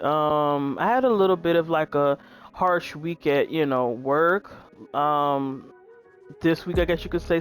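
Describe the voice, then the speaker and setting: Woman streamer, laid-back talker who speaks straight to her viewers, soft music bed underneath. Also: sits low. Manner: chatty, relaxed, says "y'all" and "um" a lot. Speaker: gaming YouTuber. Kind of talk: casual gameplay commentary.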